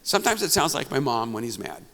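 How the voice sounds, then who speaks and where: Dramatic preacher in a big echoing hall. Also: male voice, medium pitch, very animated, fast talker. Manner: dramatic, conversational preaching that swings between loud and hushed. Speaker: pastor. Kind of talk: storytelling sermon. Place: large church auditorium at a conference. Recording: reverberant hall, faint music.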